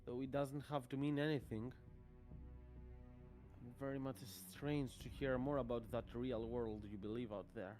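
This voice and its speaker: A man's voice: medium pitch, fairly even intonation, a little mellow, faint music behind, natural voice. A man doing a stern, proud male kinsman. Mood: stern lecturing. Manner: measured, lecturing. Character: proud male blood relative, stern and skeptical. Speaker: game master.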